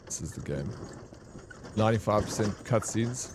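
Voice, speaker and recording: A man's voice: deep voice, lively intonation, moderate pace, a little mellow, slight background noise. A man streaming a game, chatting loosely and full of fillers as he plays. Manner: rambling, loose, filler-heavy. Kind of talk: casual gaming commentary.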